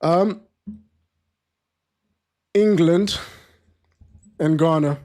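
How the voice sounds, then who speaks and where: Guy streaming a football watchalong, kinda high voice, rambly and self-deprecating, lots of ums. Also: very slow, mellow. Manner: rambling, self-deprecating, frequent restarts and fillers. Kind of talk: casual live-stream chat.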